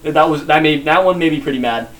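Young man telling rambling stories, a touch high. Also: fast, slight background noise. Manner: rambling, animated storytelling, swears casually. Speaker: guest. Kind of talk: casual chat.

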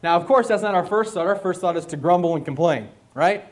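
High-voiced man preaching conversationally. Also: fast talker. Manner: conversational preaching with rhetorical questions and repetition. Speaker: school chapel speaker. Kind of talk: sermon.

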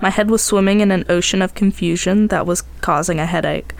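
A woman's voice: on the low side, brisk, vocal fry, dry recording. A woman podcast host narrating a tense first-person tale in a dramatic storytelling manner.

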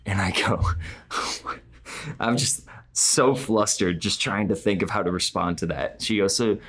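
Deep-voiced young man telling a story. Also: a little slow, a bit bright, slightly rough. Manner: rambling, laughs often, many fillers like "uh" and "like". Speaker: podcast guest. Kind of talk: casual anecdote storytelling.

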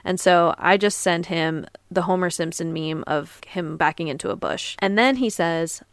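Young woman podcast host, lowish voice, blunt and profane, dry close mic. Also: moderate pace, no room sound. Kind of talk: casual storytelling monologue.

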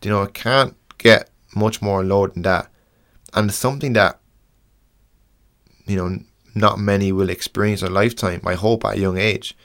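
Young Irish male podcast host, slightly low pitch, frank and earnest, halting delivery with restarts. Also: fairly even intonation, a bit bright. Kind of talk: casual podcast monologue.

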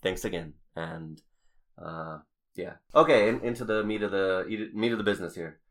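A young man hosting a casual podcast, talking in a rambling, halting way full of restarts and fillers. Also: low voice, fairly bright tone. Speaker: podcast host.

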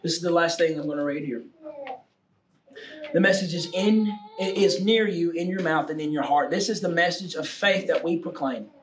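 A man preaching a sermon with passion, swinging from shouts down to near-whispers. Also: a little high, moderate pace. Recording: echoey room, distant mic, faint noise.

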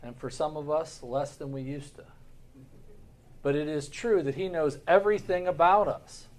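A man's voice: on the high side, normal speed, a little mellow. A man, a pastor, teaching a Sunday school class in an earnest way, often repeating words and putting rhetorical questions to the class.

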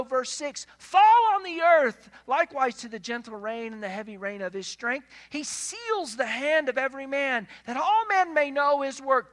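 A high, bright, ringing voice carries this male pastor's sermon. His emphatic preaching alternates hushed passages with loud, stressed lines.

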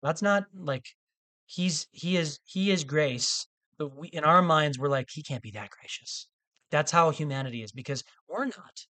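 A man's voice: on the high side, measured pace, bright, forceful tone. A man. He talks in a loose, conversational way, breaking off and restarting his sentences. His asides keep the sermon sounding like everyday talk. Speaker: pastor.

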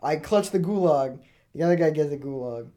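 A man co-hosting a casual chat, telling gaming stories and acting out quotes with big jumps in pitch. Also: expressive, fairly quick, warm tone. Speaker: podcast co-host.

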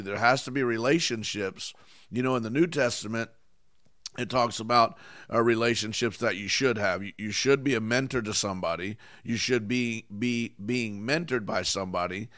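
A man's voice: mid-range voice, fairly bright tone, no room sound, studio quality. A middle-aged man, preaching a sermon with emphatic repetition and call-outs to the congregation.

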